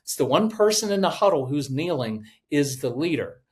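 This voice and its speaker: Man, middle-aged, fairly high-pitched, animated, direct coaching tone, podcast guest. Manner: animated, acts out parents and kids in quick voices. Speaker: parenting educator guest. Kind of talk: podcast interview.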